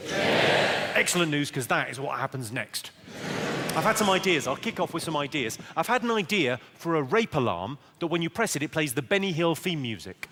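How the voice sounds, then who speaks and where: A man with a southern English accent doing stand-up in a large theatre, trading dry, deadpan one-liners and teasing the crowd. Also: fairly high pitch, a little fast, slight background noise. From England. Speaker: stand-up comedian. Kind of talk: stand-up comedy with crowd work.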